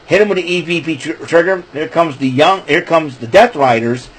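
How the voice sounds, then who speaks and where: A man with a slightly high voice hosts a casual wrestling recap show, rambling and chatty at a normal speed and breaking into fits of laughter. The recording is rough, with a little background noise.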